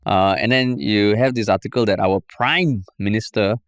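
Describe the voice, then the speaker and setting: A man's voice: lowish voice, normal speed, clear, resonant tone, dry recording, clean studio sound. A Singaporean man co-hosting a podcast, telling stories in a casual, wry way with a Singaporean English accent. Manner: wry, laid-back, says "lah" and "man". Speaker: podcast co-host. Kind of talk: casual chat.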